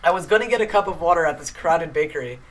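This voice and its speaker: A woman's voice: sits low, expressive, quick pace, a crowd in the background, rough recording. A woman on a casual podcast, playfully reading out stories and adding dry jokes. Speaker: podcast guest reading the game prompts.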